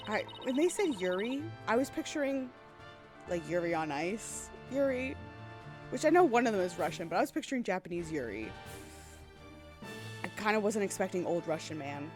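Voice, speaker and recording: A woman's voice: medium pitch, big pitch swings, moderate pace, over music. A woman game streamer chatting casually and gushing as she plays, often restarting her sentences. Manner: chatty, gushing, self-interrupting. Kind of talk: casual let's-play commentary.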